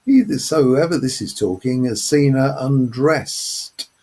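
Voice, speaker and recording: A man's voice: mid-range voice, unhurried, warm tone, husky. A man presenting a close reading of a novel, talking through passages in a hesitant way with many fillers. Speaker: literature presenter. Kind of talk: unscripted close-reading commentary.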